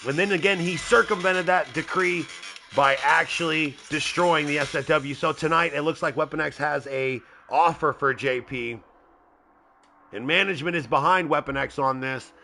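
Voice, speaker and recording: A man's voice: fairly high pitch, moderate pace, sharp tone, a little hiss or hum. A man hosting a live wrestling video game show, commentating in a hyped, rambling way. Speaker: host.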